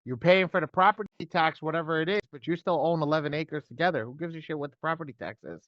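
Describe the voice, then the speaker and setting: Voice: medium pitch, fast, no room sound. Blunt co-host on a dull, dry line. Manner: blunt and emphatic, swears casually. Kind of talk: casual coaching talk on a video call.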